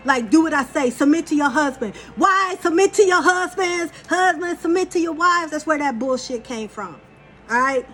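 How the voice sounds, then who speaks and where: Woman, high voice, blunt, swears a lot, rambling spiritual storyteller, faint music behind. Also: fairly bright tone. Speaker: spiritual channeler. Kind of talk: casual spiritual monologue.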